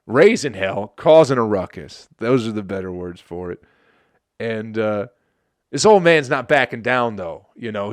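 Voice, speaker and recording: A man's voice: mid-range voice, dry recording, clean studio sound. A male comedian from Michigan hosting his podcast in a casual, sarcastic monologue, swearing often and laughing at his own jokes. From Flint, Michigan.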